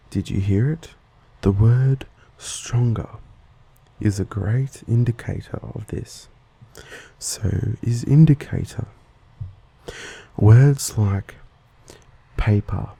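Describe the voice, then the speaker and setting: A man with an Australian accent giving a soft-spoken, slow ASMR lesson and sometimes slipping into a whisper. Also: fairly low pitch, creaky, breathy edge, rough recording. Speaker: ASMR host teaching accents.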